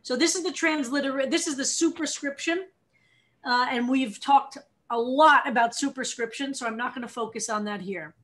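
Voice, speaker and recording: American woman rabbi, higher voice, leading a study class with questions. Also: normal speed. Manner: animated explainer, asks the class questions. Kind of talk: teaching a text study session.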